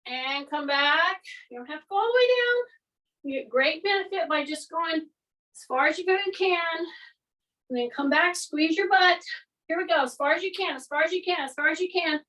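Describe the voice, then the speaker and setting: A woman fitness instructor leading a guided workout class, giving steady coaching cues while exercising along. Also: very high-pitched, normal speed, recorded from a distance, poor audio.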